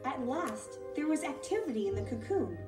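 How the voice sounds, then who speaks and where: A woman reading a children's picture book aloud in a gentle, expressive voice, drawing out the slow parts. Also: high voice. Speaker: storyteller. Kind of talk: children's storybook read-aloud. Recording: echoey room from a distance with music.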